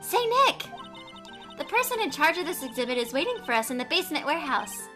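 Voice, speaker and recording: Lady doing a high squeaky little girl, dramatic and jumpy, gets all worked up. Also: very animated, fairly quick, music in the background. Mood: excited.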